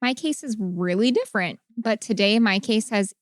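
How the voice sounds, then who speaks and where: A woman's voice: mid-range voice, lively intonation, moderate pace, no echo, clean studio sound. Upbeat woman podcast co-host. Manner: upbeat, reads out promos and labels. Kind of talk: casual chat.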